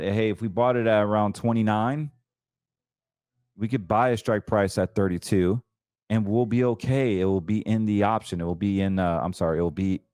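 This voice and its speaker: A low-pitched man hosts a financial show in a loose, chatty monologue. He gets excited, trips over his words and restarts, and sounds close and dry with no room around him. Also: no echo. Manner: chatty, stumbles and restarts, excitable about trades. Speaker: host.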